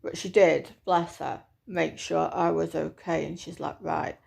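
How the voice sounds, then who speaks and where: Gravelly low-voiced woman. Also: steady tone, measured pace, darkish tone. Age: 30s. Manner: chatty, hesitant, with many fillers. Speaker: vlogger. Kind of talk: personal vlog update.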